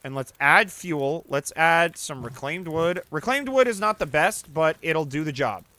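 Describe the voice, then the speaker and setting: A man hosting a let's play, commenting casually and getting excitable, swearing and shouting when things go wrong. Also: on the high side, measured pace. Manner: talks to the player character and the audience.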